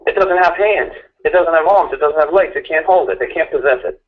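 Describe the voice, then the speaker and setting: A man ranting and arguing in a repetitive, mocking way as a guest on a call-in talk show. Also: fairly high pitch. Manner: rapid, repetitive, mocking, argumentative. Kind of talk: impassioned ranting chat. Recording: tinny phone line.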